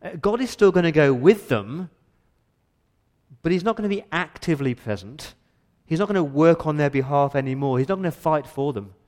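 A man's voice: a little high, expressive, a little fast, a little mellow. A male pastor preaching an earnest, emphatic sermon in a church, often repeating words as he builds his point.

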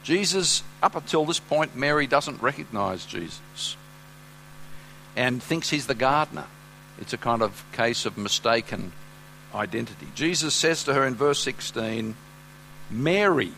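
A man's voice: medium pitch, expressive, measured pace, vocal fry, sharp tone, slight background noise, poor audio. A man preaching a sermon, earnest and full of fillers and restarts. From Australia.

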